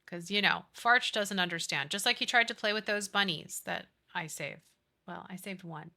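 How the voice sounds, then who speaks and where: A woman streamer in casual live-stream chat as she plays, gushing over whatever she sees. Her voice is very bright and sharp, with sudden gasps and cutesy baby talk. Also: medium pitch, normal speed. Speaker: game streamer.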